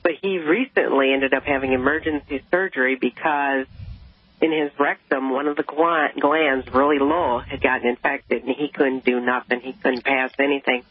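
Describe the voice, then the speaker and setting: A woman's voice: very deep voice, fairly even intonation, normal speed, husky. A woman caller from Milwaukee, telling a story in a chatty, rambling way on a radio show. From Milwaukee, Wisconsin. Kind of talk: call-in radio talk. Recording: dull radio broadcast sound.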